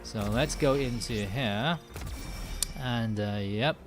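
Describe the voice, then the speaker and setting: A man's voice: mid-range voice, takes it slowly, over music. A man streaming a mobile game live, thinking aloud as he manages his characters and often correcting himself. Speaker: gaming streamer. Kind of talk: casual live-stream commentary while playing.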